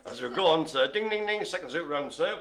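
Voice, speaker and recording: A man's voice: on the high side, expressive, fairly quick, fairly bright tone. A man hosting a live online bingo game, chatty and jokey, full of puns and asides. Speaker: bingo host.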